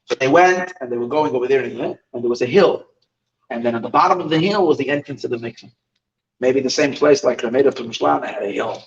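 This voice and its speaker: A man, a rabbi, telling stories in a halting lesson, with many restarts. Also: medium pitch. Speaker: rabbi teaching. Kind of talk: storytelling lesson. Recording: dull recording, far from the mic.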